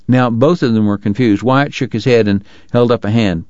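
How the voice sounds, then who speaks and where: A man reading an audiobook with wry, measured storytelling. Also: medium pitch, darkish tone, no room sound, lo-fi sound. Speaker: audiobook narrator. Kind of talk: scripted narration.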